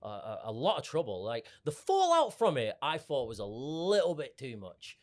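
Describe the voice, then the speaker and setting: رجل بريطاني يقدّم بودكاست بصوت عالٍ ونبرة متقلبة كثيراً وحماس في سرد الحكايات. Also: male voice, medium pitch, normal speed. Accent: British. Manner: loud, animated storyteller. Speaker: podcast co-host. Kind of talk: casual chat.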